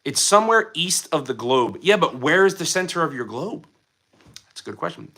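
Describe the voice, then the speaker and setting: A man chatting loosely on his livestream, answering viewers' comments with goofy, joking energy. His voice is sharp and piercingly bright, sitting a little high, and it bounces all over the place as he talks. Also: very animated, normal speed. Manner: playful and goofy, slips into silly voices. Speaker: livestream host. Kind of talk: casual livestream chat reading comments.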